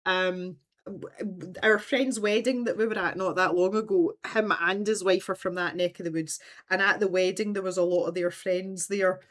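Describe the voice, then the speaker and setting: Animated, chatty Scottish woman. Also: on the low side, moderate pace. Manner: animated and chatty, laughs often. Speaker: livestream host. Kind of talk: casual chat.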